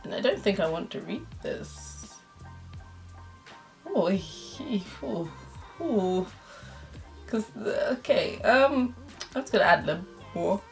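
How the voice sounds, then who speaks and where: A woman's voice: mid-range voice, lively intonation, takes it slowly, creaky, pauses often, faint music behind. A young adult woman vlogger reads her old fan fiction aloud, laughing and adding embarrassed, self-mocking asides.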